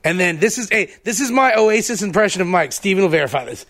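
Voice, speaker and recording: A young man co-hosting a podcast, telling stories in a fast, animated, casual chat. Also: high-pitched. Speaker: podcast co-host.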